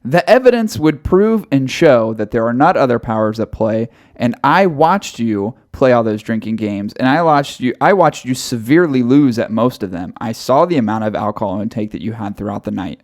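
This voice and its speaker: A man's voice: mid-range voice, animated, normal speed, hardly any pauses. A young man co-hosting a podcast, teasing his friend and acting out the sounds as he tells a story. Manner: teasing, mock-stern, acts out sounds. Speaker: podcast co-host. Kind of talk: casual storytelling chat.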